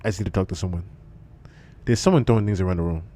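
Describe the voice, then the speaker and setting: A man voicing a male hotel manager calmly reporting trouble on an emergency phone call, in a flat, subdued and unhurried way. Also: sits low, pitched below the performer's own voice, close to an everyday voice. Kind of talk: livestream impression.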